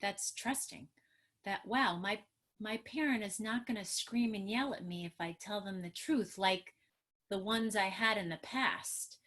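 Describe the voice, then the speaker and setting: A middle-aged woman, a trauma therapist, giving an animated, emphatic webinar talk on a video call and acting out what parents and children say. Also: medium pitch, a little slow. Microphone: computer mic on a video call.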